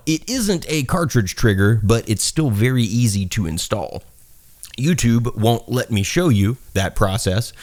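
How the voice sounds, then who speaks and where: A man's voice: mid-range voice, a little mellow. Profane rambling man with a Southern accent. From South Carolina, US. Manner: rambling, profane, self-mocking, laughs at own jokes. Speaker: gun reviewer. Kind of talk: casual review talk.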